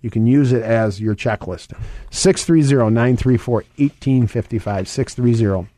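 A middle-aged man hosts a financial radio segment in a warm, mellow voice. He talks quickly and circles back to repeat his main points. The recording is dry and close, with no room sound around him. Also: medium pitch, no echo. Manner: fast, conversational, repeats points and phone numbers. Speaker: financial radio show host.

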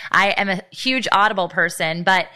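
A woman's voice: mid-range voice, moderate pace, bright, forceful tone, clean tone. A woman hosting a faith podcast interview, talking in long, effusive, affirming run-on phrases. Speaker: podcast host.

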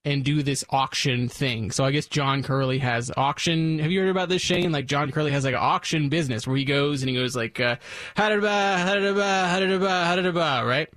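A man's voice: mid-range voice, steady tone, brisk, hardly any pauses, a bit bright, no echo, studio quality. A man hosting a radio show, telling a long self-deprecating story in casual banter. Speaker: radio host.

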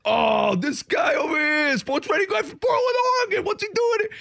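A man imitating a loud, excitable New England man on a golf course, with a New England accent, shouting high and brash. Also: moderate pace, creaky, heavily acted. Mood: excited.

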